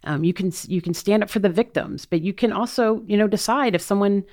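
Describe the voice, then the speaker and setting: Speaking a little quickly in a medium-pitched, somewhat dark voice, a middle-aged woman running for district attorney responds to interview questions. She is a prosecutor who answers with sincerity, filling her replies with hesitations and fresh starts as she thinks aloud.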